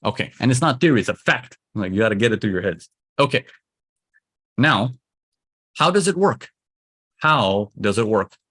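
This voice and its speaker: A man's voice: lowish voice, expressive, normal speed, long pauses, fairly bright tone, slightly rough. Emphatic man teaching a trading class. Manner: emphatic, repetitive, coaxing the audience. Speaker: trading instructor. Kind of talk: live teaching session.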